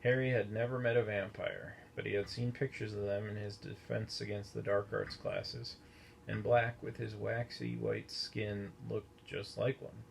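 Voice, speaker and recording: Guy reading a storybook, low gravelly voice, steady pace. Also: measured pace, slight background noise. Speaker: audiobook narrator. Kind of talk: storybook narration.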